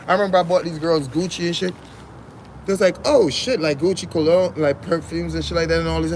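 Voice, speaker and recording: A man's voice: a little high, steady tone, fairly quick, poor audio. A man with a slightly raised voice rants casually on a livestream, slangy and profane, breaking into laughs between points. He keeps repeating his lines for emphasis. Faint street traffic hums behind him outdoors. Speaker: livestream host.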